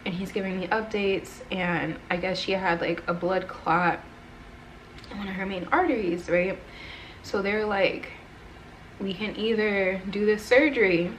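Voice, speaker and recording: A young woman in her twenties talks straight to her camera, tearful and rambling, dropping "like" and "right?" into nearly every sentence. Her voice sits at an ordinary pitch for a woman. A faint hiss runs under the camera-mic recording. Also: unhurried, rough recording. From United States. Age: 20s. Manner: rambling, emotional, frequent "like" and "right?". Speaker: vlogger. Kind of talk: personal storytelling to camera.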